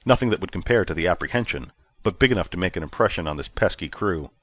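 A man reading a story as narrator, with clear, expressive storytelling. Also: deep voice, fast, no room sound. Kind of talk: scripted narration.

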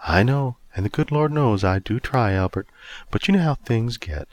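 A man voicing a gentle old homeless woman who speaks softly and sweetly in a storybook reading. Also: mid-range voice, expressive, moderate pace, pitched above the performer's own voice, natural voice. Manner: soft and sweet-spoken.

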